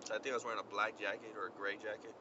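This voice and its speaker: A young man chatting casually as he tells a story outdoors on a windy day, animated and slangy. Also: lowish voice, racing. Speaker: vlogger. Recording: lo-fi outdoor recording with traffic noise. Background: wind and passing traffic.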